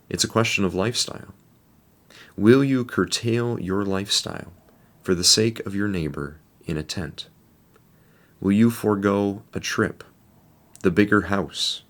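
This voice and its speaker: A man with a deep, low voice gives a devotional reflection. He speaks in a measured, deliberate way and often poses rhetorical questions to his listeners.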